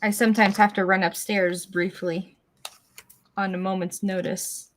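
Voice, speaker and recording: A woman hosting a casual livestream, playful and quick to laugh. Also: mid-range voice, flat delivery, a little hiss or hum. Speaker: livestream host. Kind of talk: casual chat.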